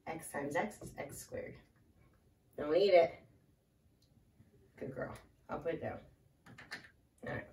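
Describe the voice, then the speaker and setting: A woman teaching a relaxed math lesson, talking through each step aloud and stopping to chat with a small child in her arms. She sounds a little out of breath. Her voice rings in an echoey room and comes from some distance off the mic. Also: lowish voice, a little hiss or hum. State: slightly out of breath. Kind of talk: casual math lesson at a whiteboard.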